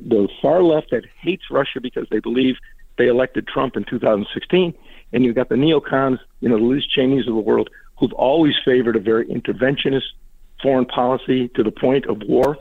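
Phone-in radio guest, male, mid-pitched, emphatic and indignant, dry tinny line. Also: no echo. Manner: emphatic, indignant, quick asides. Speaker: political guest. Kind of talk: radio interview answers.

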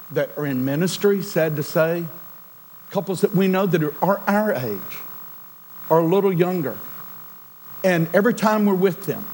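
A middle-aged man preaching a sermon as a pastor, swinging from loud emphasis to a near-whisper. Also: high-pitched, a little hiss or hum, poor audio.

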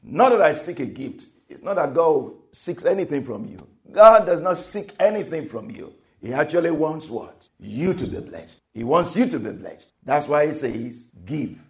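Male preacher, sermon, highish pitch, emphatic, repetitive. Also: sing-song, moderate pace, hardly any pauses. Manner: emphatic, repeats each point, rises and falls in loudness.

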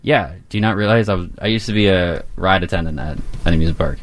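Deep-voiced deadpan man guest. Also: fast talker. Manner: deadpan, joking. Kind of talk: casual chat.

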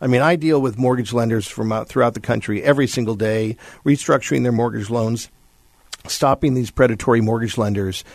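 A man's voice: medium pitch, brisk, gravelly, dry recording. A man, a bankruptcy attorney and guest, telling a long personal story and acting out what others said to him. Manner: animated anecdote telling, acting out quoted voices. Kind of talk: storytelling interview answer.

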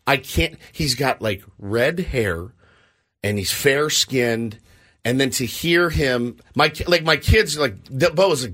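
A middle-aged man hosting a morning radio show, rambling and laughing in casual banter. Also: medium pitch. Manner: animated, rambling, quick to laugh.

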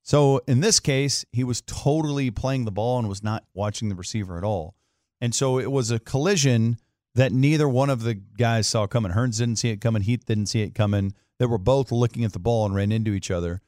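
A man co-hosting a sports talk radio show, breaking down a play with animated retelling. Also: medium pitch, a little fast, no echo, clean studio sound. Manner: animated storyteller, acts out quotes. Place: radio studio.

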